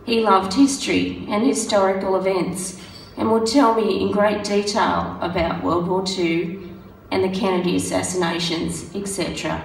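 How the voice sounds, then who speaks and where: A woman with a croaky, hoarse voice, reading out a prepared tribute in a steady, measured way. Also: mid-range voice, a little hiss or hum. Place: function room. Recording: roomy sound from a distant mic.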